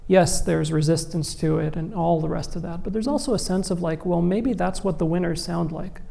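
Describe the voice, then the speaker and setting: A man's voice: high-pitched, moderate pace, creaky, mellow. A man, telling wry stories with many "like" and "you know" as a guest author on stage. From Egypt. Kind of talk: conversational storytelling on stage.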